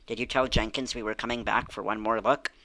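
A man reading aloud, voicing a sharp, scheming older woman in a children's mystery book. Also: fairly low pitch, fairly even intonation, brisk, low-quality recording. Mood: secretive. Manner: curt and defensive.

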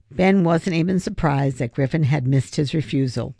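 A narrator reading a children's novel aloud in a steady, measured way. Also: mid-range voice, vocal fry, no echo. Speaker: audiobook narrator. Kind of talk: audiobook narration.

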